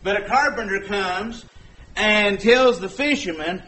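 A man's voice: sits high, a little slow, pushed and bright. A man preaching a sermon in a folksy, conversational way, acting out the dialogue he quotes.

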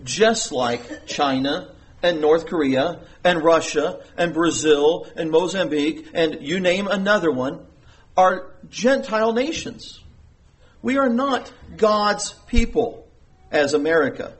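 A man's voice: a little high, slow pace. A middle-aged pastor preaching an earnest sermon, with emphatic rises in his voice.

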